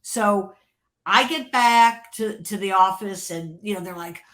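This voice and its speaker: A woman, a former record label creative executive, telling stories in a podcast interview with lively excitement, restarting sentences and laughing often. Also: medium pitch, measured pace. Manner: excited, repeats words and restarts, laughs often, swings between hushed and loud. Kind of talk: animated storytelling in a podcast interview.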